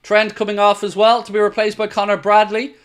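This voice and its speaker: A man hosting a live football watchalong, excitable and blunt, swearing freely as he talks. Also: high voice, fairly quick, clean tone. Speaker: host of a fan watchalong.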